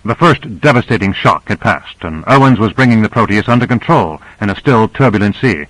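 A man narrating an audiobook with steady, measured storytelling. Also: on the low side, no room sound, poor audio.

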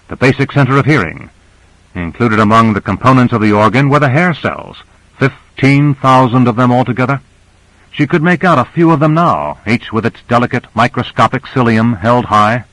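A man reads a story aloud in steady, measured audiobook narration. His voice sits in a middle pitch. The recording is dry and close. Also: dry recording, rough recording.

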